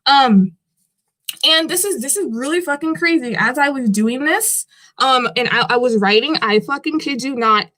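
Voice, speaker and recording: A woman's voice: sits high, lively intonation, normal speed, bright, forceful tone. A young woman vlogger chatting casually and rambling, swearing often and sounding a bit skeptical. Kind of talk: casual chat.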